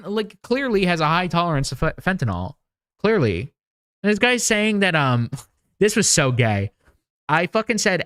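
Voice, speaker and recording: A man's voice: high voice, sing-song, normal speed, a bit bright, no room sound. A young man talks loosely on his own livestream. He swears a lot and rambles with many fillers and restarts. His voice is dry and close to the mic. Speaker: livestream host. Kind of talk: casual political rant on a livestream.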